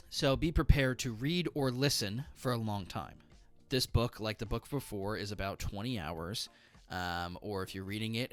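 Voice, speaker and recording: Chatty low-voiced man reviewing books. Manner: chatty, many fillers, enthusiastic. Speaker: book reviewer. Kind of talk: casual book review.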